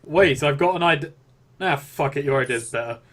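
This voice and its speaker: Laid-back young gamer on noisy line. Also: male voice, fairly high pitch, a little fast. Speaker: player. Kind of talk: casual tabletop game chat.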